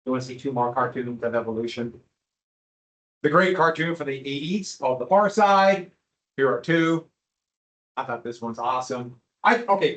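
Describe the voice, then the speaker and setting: A man's voice: mid-range voice, fairly bright tone, poor audio. A male history teacher giving a classroom lecture, joking with his students and teasing them with questions.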